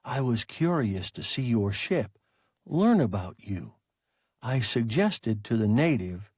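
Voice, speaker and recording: Man reading gentle alien creature, formal and reasoning, husky, slow-spoken. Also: mid-range voice, very animated, dry recording, clean studio sound, full character voice. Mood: calm reasoning. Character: calm, philosophical alien creature, large and sluggish.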